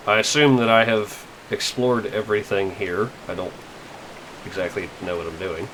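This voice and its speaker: A man's voice: fairly low pitch, lively intonation, normal speed, fairly bright tone, a little hiss or hum, low-quality recording. A young man giving casual, rambling gameplay commentary, wry and full of fillers and swearing. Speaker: let's play gamer. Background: faint game music.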